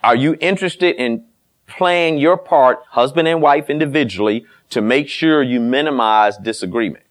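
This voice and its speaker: A man's voice: mid-range voice, normal speed. A middle-aged man preaching on marriage, blunt and folksy, teasing his listeners and acting out old conversations. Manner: folksy and blunt, with teasing asides and quoted dialogue. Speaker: pastor. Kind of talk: sermon on marriage.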